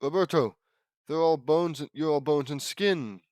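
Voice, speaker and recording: A man's voice: on the high side, unhurried, a little mellow, dry recording, studio quality, voice pushed up, lightly acted. Man reading as a fussing grandmother. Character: doting grandmother pushing food.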